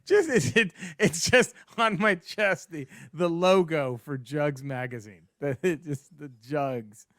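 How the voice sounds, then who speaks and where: A man co-hosting a casual podcast, swearing and laughing as he tells animated stories. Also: a little high, slow pace, hardly any pauses, no room sound, clean studio sound. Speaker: podcast co-host. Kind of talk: casual chat.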